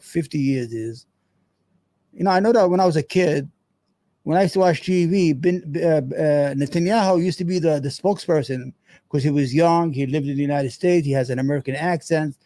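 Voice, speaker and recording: A man's voice: a little high, warm tone, dry recording. A man hosting a show, giving heated, profane, rambling commentary on a news clip. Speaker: show host.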